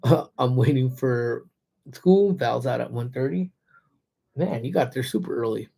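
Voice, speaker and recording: A man with a slightly hoarse throat, chatting casually on a livestream, greeting viewers by name and laughing often while parked in his car. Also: medium pitch, animated, unhurried, mellow. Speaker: livestreamer who also teaches classes. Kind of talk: casual livestream chat reading viewer comments.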